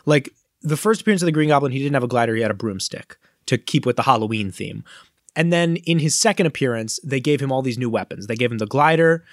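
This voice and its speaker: Male podcast co-host, mid pitch, dry close mic, lively nerdy rambling. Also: dry recording. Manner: animated, nerdy explaining with quick asides. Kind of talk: casual chat.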